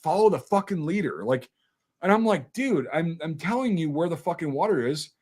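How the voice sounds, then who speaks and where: A man's voice: on the high side, normal speed. A man from Wisconsin, a military veteran, telling a war story in casual chat, swearing freely and acting out what each person said. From Wisconsin, USA. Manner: profane, animated, acts out quoted dialogue.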